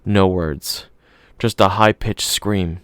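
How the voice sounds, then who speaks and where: A man narrating an audiobook in a steady, measured reading. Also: low voice, clean tone, dry recording.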